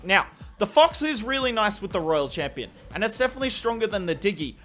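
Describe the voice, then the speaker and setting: High and bright with a forceful edge, this Australian gaming commentator narrates strategy gameplay. He sounds enthusiastic and explanatory, and he readily makes jokes at his own expense.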